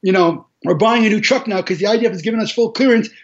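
Guy, high voice, telling a story all animated, kinda muffled audio. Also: quick pace. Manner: animated, repetitive restarts, laughs while telling. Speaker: interview guest, charity organizer. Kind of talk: emotional storytelling interview. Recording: dull lo-fi audio.

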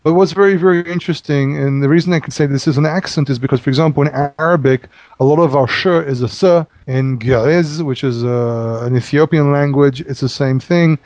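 Halting man explaining scripture, dry sound. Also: on the high side, a little mellow, no echo. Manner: halting, many restarts while explaining. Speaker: Bible study teacher. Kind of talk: conversational Bible study.

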